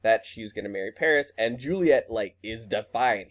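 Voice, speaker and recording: A man's voice: lowish voice, animated, moderate pace. A man teaching a class, explaining a play in a casual, chatty way with fillers. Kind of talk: lesson reading and explaining a play.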